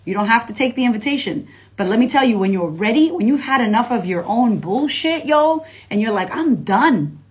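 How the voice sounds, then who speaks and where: Energetic, slangy woman life coach live. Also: a little high, a little fast. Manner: energetic, slangy and profane, reads out viewer comments. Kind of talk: casual livestream talk to followers.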